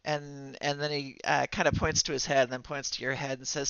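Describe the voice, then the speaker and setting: A man running a tabletop game as game master, narrating in a halting way with many fillers and restarts. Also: medium pitch, level tone, gravelly, fairly bright tone, clear, resonant tone, no echo, highs cut off.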